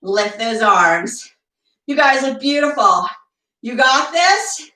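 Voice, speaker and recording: A woman leads a home barre class in a slightly high voice, taking her time with each cue. She counts reps and urges the class on, a little breathless, heard from across an echoey room. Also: lively intonation, takes it slowly, sharp tone, far from the mic. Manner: encouraging, counting reps, chatty asides. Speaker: fitness instructor. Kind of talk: guided workout instruction.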